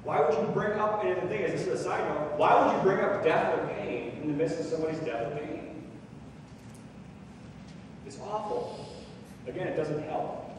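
A man, a pastor, preaching a sermon in an animated way, mimicking careless comforters and asking his congregation questions. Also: on the high side, moderate pace, long pauses, background noise. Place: church sanctuary. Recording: echoey church hall from far off.

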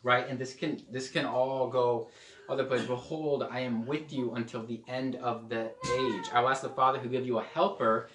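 A man gives a casual teaching sermon, joking and chatty, now and then trying on playful accents. His voice sits at an ordinary middle pitch. The mic is set back from him, and the room adds a noticeable echo. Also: steady tone, moderate pace, a bit bright, slight background noise. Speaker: preacher. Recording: echoey room, mic at a distance.

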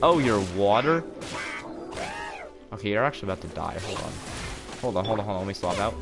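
A man live-streaming a video game, rambling sarcastically and bursting out excitedly during fights. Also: low voice, very fast, creaky. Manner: sarcastic, self-mocking rambling with excited outbursts. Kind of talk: live gameplay commentary. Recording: game music playing under voice. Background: game music.

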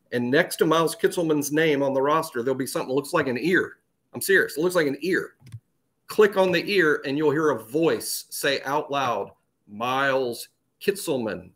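A man's voice: mid-range voice, a bit bright. A man co-hosting a sports podcast, chatting casually and animatedly, often repeating words as he thinks. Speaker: podcast co-host.

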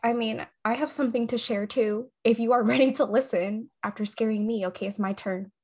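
A woman's voice: a little high, steady tone, a little fast, mellow, breathy edge. A woman co-hosting a casual podcast, telling a scary story with suspense, swearing freely and breaking into giggles. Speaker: podcast co-host.

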